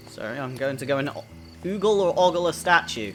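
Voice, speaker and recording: A man's voice: on the high side, lively intonation, normal speed, a bit bright. A man chatting casually and jokily while playing a video game. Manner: chatty, jokey, self-amused. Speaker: gaming video host. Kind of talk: casual let's-play commentary. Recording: voice over in-game music.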